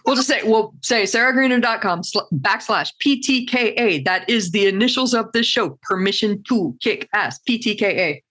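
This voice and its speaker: A woman hosting a casual podcast, animated and quick to laugh as she tells stories. She sits in the middle of the usual pitch range for a woman. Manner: animated storyteller, laughs often. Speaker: podcast host.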